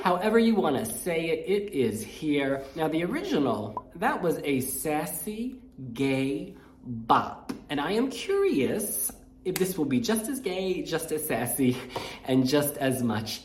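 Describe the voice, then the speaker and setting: A man's voice: fairly high pitch, wildly swooping pitch, slow, a little hiss or hum. Man, camp reaction host, sassy and gushing, swooping delivery, roomy echo, faint music behind. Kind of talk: excited casual reaction chat. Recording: echoey room.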